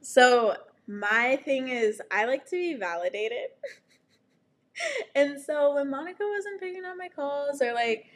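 A woman's voice: high voice, takes it slowly. A young woman chatting casually and telling stories with lots of laughter and "like" fillers. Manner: animated storytelling, frequent laughter and "like" fillers. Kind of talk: casual chat.

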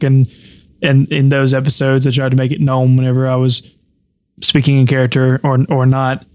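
A man talks through a casual podcast conversation as the game master, his pitch staying level and even. He restarts and repeats words as he thinks. The sound is dry, with no room around it. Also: moderate pace, clear, resonant tone, dry recording.

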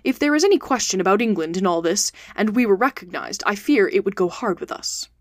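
A woman's voice: medium pitch, expressive, a little fast, no room sound, clean studio sound, natural voice. A woman voicing a cautious, anxious male detective in a storybook reading, speaking in a wary, earnest way.

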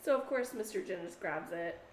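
A woman co-hosting a podcast in casual chat, an animated storyteller who swears freely. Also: mid-range voice, normal speed, reverberant, a little hiss or hum. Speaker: podcast co-host.

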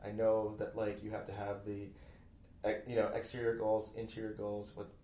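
A man talking casually as a podcast guest, an animated storyteller. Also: fairly low pitch, moderate pace. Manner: animated storyteller, loud put-on family voices. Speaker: podcast guest, comedy writer. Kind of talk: casual chat. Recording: echoey room, faint noise.

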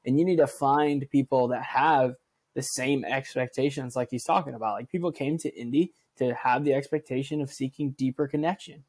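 Young male podcast co-host, lively storyteller, medium pitch, casual and loose. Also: brisk. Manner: animated storyteller, swears, acts out quotes.

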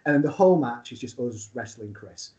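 A man telling an animated story as a wrestler guest on a talk show, laughing as he goes. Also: medium pitch, brisk, dull audio. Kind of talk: casual storytelling.

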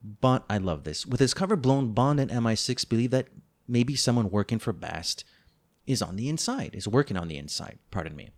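A man's voice: medium pitch, animated, fairly quick, darkish tone. A man co-hosting a book-review podcast, reading a plot summary with playful, teasing, mock-dramatic asides. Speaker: podcast co-host.

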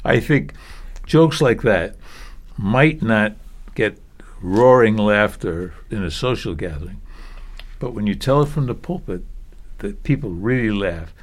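A man's voice: on the low side, animated, measured pace, long pauses. A man giving preaching advice in a podcast conversation, chuckling between points. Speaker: preaching teacher.

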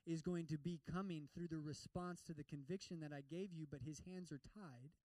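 A male pastor giving a lively sermon, acting out prayers in other voices and slipping in humor. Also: on the high side, a little fast, dry recording, far from the mic, rough recording.

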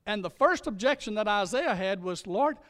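A male pastor delivering a sermon with emphatic preaching, slowing down and speeding up to stress his points. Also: high voice, lively intonation, a bit bright, big-room sound.

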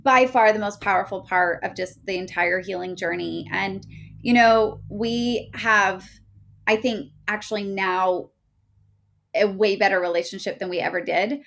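A woman in her thirties, a podcast guest telling a personal story in a chatty way, full of fillers and getting loud when excited. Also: mid-range voice, a little slow, vocal fry.

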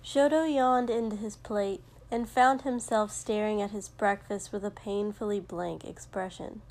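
Woman narrator, mid-range voice, slow and calm storytelling. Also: medium pitch. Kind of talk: fan fiction reading.

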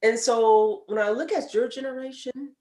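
A woman in her forties, a podcast guest, telling stories in a lively, emphatic way and laughing now and then. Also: on the high side, moderate pace, reverberant. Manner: animated storyteller, emphatic and laughing. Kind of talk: casual chat.

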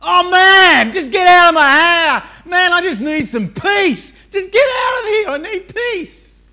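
A man voicing a frazzled adult who yells in a high strained falsetto for some peace and quiet. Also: expressive, unhurried, exaggerated voice. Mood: exasperated.

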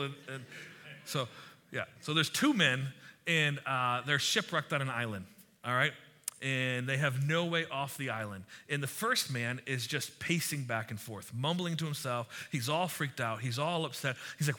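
A man's voice: mid-range voice, moderate pace. A man in his thirties preaching a sermon as pastor, talking conversationally and acting out the people in his stories. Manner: conversational and animated, with acted-out quotes and asides.

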